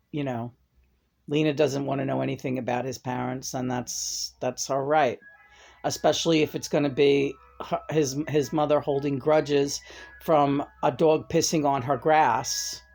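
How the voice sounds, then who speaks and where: A woman's voice: rumbling low, darkish tone. A middle-aged woman venting in a profane personal rant to her camera, her voice jumping up in angry bursts. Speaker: vlogger.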